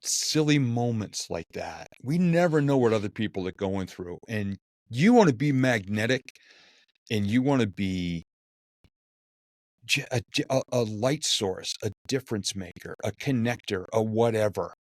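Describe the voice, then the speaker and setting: A man, a keynote speaker, telling lively stories in a podcast conversation and acting out the quotes. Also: fairly low pitch, unhurried, no echo, studio quality. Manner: animated, acts out quotes and jokes.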